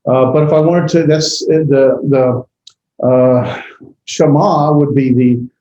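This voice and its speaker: A man's voice: mid-range voice, fairly even intonation, slow, warm tone, echoey room, dull audio, slight background noise. A man teaching a class in a rambling way, with many fillers and restarts, tired after a long day. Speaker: instructor. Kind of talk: classroom lecture.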